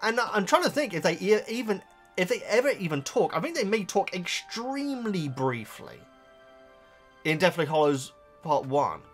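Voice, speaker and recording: Young man with a slight Bristolian accent, a lively voice that bounces around, rambly chat to the viewers. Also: high-pitched, moderate pace, faint music behind. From Oxfordshire, England. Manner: chatty, rambling, often laughing, addresses the viewers as guys. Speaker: book vlogger. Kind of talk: casual chat.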